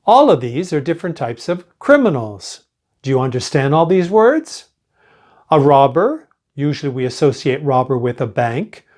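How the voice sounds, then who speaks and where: An older man teaching an English lesson, reading example sentences slowly and clearly for students to repeat. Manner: slow and clearly enunciated, with lively pitch. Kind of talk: slow pronunciation lesson.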